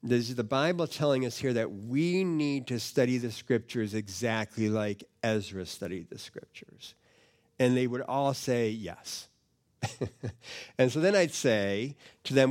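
A man's voice: mid-range voice, measured pace, a little mellow. Guy teaching a sermon to a live crowd, chatty, restarts words a lot, asks the room stuff. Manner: conversational, repeats words, asks the audience questions. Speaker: pastor teaching preachers.

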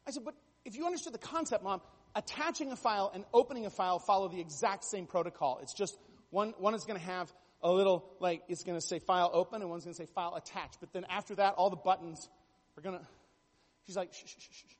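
A man's voice: high voice, fast, in a large hall. A man preaching a sermon, telling stories with jokey asides and building to emphatic bursts. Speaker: pastor.

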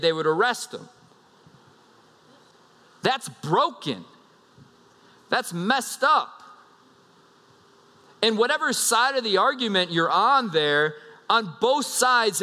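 A man in his thirties, a pastor, preaching a sermon in a casual, animated storytelling style full of asides. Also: high voice. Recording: hall reverb.

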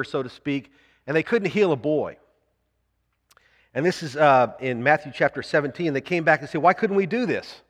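A man preaching a sermon as pastor, earnest and explaining, slowing down when he reads scripture aloud. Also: on the high side, a bit bright, big-room sound.

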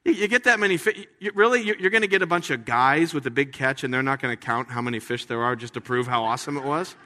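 A man preaching a sermon as a pastor, talking in a conversational way with playful, animated asides. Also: mid-range voice, fast, long reverb tail.

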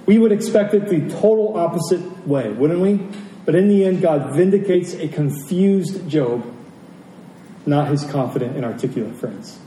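A man's voice: a little high, animated, moderate pace, warm tone, a little hiss or hum. A man preaching a sermon as pastor, emphatic, asking rhetorical questions and repeating key phrases. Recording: roomy, distant from the mic, faint ambience.

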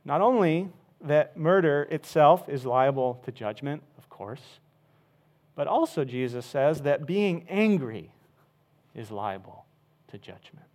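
A man preaching a sermon, emphatic, with wide swings from loud to soft. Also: on the high side, animated, slow. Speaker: pastor.

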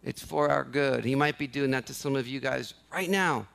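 A man's voice: medium pitch, normal speed, creaky, a bit bright. A male pastor preaching a sermon, acting out quoted prayers and repeating key phrases for emphasis. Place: church sanctuary.

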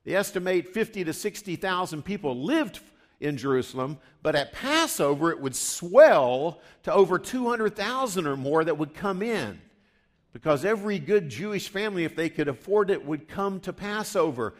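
A man preaching a sermon in a conversational way, rising for emphasis and dropping low for asides. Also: lively intonation, normal speed. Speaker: pastor.

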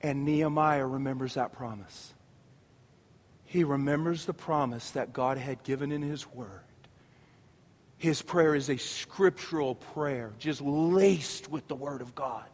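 A man preaching with a high, bright voice, his delivery building with passion and surging into loud emphatic peaks. His words ring out with a long reverb, as if filling a large sanctuary. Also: unhurried. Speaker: pastor. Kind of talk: sermon.

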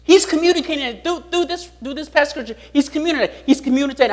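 A man's voice: extremely high pitch, rapid-fire, hardly any pauses. A pastor preaching a sermon, repeating his key lines and putting rhetorical questions to the congregation.

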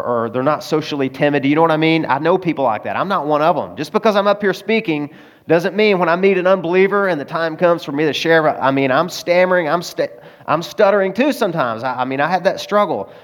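Conversational male preacher, slightly high voice. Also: a little fast. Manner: conversational preaching with personal stories and asides. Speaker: pastor. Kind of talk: sermon.

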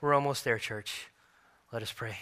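A man in his thirties, a pastor preaching a sermon earnestly, repeating phrases and restarting softly. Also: medium pitch, moderate pace.

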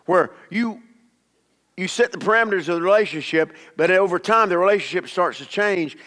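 A man preaches a sermon in a church, his voice sitting high for a man. He drives his points home by repeating key phrases with emphasis. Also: fairly quick, fairly bright tone. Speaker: pastor.

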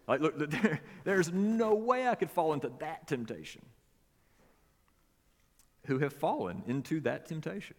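A man's voice: a little high, in a large hall. A man preaching a sermon as pastor, talking in a conversational way with folksy asides and repeated words.

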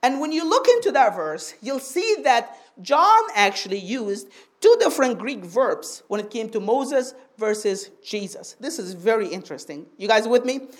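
A woman preaching a sermon in a teaching tone, often asking her listeners for an amen and slowing down on key phrases. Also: fairly high pitch, big pitch swings. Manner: draws out key phrases slowly for emphasis.

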